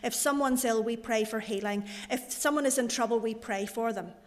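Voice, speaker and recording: A middle-aged woman preaches a sermon in a gently humorous, storytelling way. Her voice sits fairly high and carries a long reverb from the church hall. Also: moderate pace.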